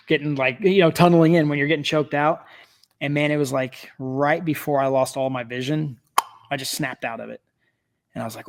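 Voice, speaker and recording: A middle-aged man, guest on a podcast, recounting a story in relaxed conversation. His pitch sits in an ordinary middle range. He talks in an animated, chatty way, breaking into laughter and peppering his sentences with fillers. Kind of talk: casual storytelling.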